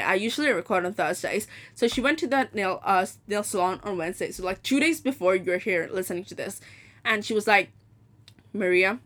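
A woman talking into her podcast mic in a loose, chatty rant. She is blunt and swears freely, and she slips into quick impressions of the people in her story. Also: mid-range voice, a bit bright. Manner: blunt and profane, acting out quoted people. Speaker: podcast host.

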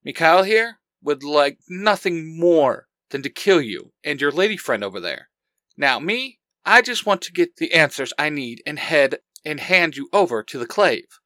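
A calm, steady young hunter who speaks softly and kindly, as a man reads him. The voice is slightly high for a man and sounds close and dry. It fits a storybook leader. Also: moderate pace, hardly any pauses, no echo. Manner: calm, soft-spoken.

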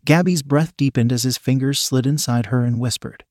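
A man narrating an adult story in an even, steady reading voice. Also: medium pitch, moderate pace, hardly any pauses, no echo, studio quality.

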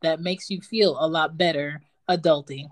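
A woman co-hosting a casual chat, talking in an animated, slangy way and quoting phrases. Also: low-pitched. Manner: animated, slangy, jumps in with quick quotes. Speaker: podcast co-host.

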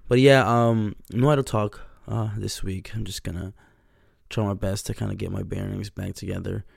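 Gravelly, stuffed-up young man. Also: lowish voice, steady tone, normal speed, darkish tone, dry recording, clean studio sound. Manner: rambling, with frequent fillers and swearing. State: stuffed up, congested. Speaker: podcast host. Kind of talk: casual solo podcast chat. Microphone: podcast mic.

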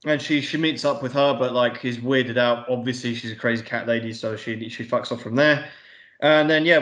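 A man rambles through a casual film review, swearing freely and padding every thought with fillers. His voice sits at an ordinary middle pitch. The room around him is echoey. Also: fairly bright tone. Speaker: podcast co-host.

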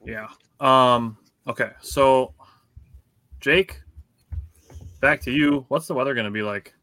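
A man's voice: mid-range voice, slow, bright, forceful tone, no echo. A man hosting a casual sports podcast, leading the talk and handing turns to his co-hosts. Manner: leads the talk, hands turns to others. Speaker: podcast host.

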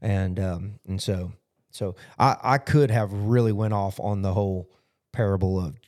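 Speaking unhurriedly in a deep, darkish voice, this male pastor loosely goes over his sermon in a casual podcast chat. His talk wanders, peppered with plenty of "you know" fillers.

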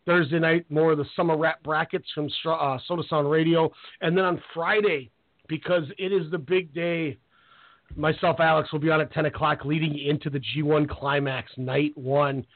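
Animated sports radio host, tinny line. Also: male voice, on the high side, normal speed. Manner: animated storyteller, acts out players with quoted voices. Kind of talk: casual sports radio chat. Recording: tinny phone-line sound.

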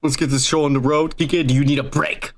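A man's voice: fairly high pitch, little pitch movement, brisk, slight background noise. A young man hosting a podcast, joking and rambling with lots of profanity. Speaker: podcast host. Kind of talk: casual crude podcast banter.

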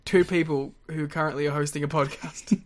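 A man's voice: a little high, fairly even intonation, fairly quick. A man co-hosting a podcast, chiming in with incredulous, laughing reactions. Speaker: podcast co-host. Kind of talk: casual chat.

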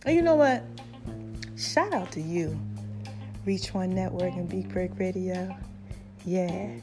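A woman hosting a podcast with a raspy, slightly hoarse voice, preaching casually and calling her listeners "baby" and "y'all". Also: slow pace, over music. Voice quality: raspy, deeper than usual. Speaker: podcast host. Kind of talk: casual motivational podcast monologue.

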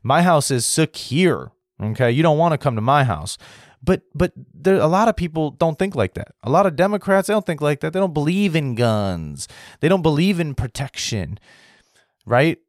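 An American man giving a heated opinion monologue to his viewers, restarting sentences, clearing his throat often and tagging his points with "right?". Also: on the high side, big pitch swings, normal speed, no echo, studio quality. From United States. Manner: heated, repetitive, frequent "right?" tags and restarts. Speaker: political commentary host.

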